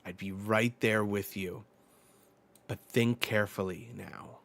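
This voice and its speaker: A seasoned male pirate captain talks with calm, measured earnestness, as a man reads his lines. The voice sits low and moves slowly. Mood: earnest.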